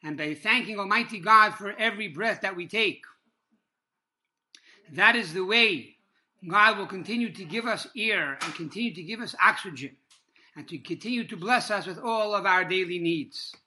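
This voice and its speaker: Bright, high-voiced man teaching Torah. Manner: measured storytelling with frequent pauses and fillers; uses Hebrew religious terms. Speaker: rabbi teaching a Torah class. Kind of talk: sermon-style Torah class.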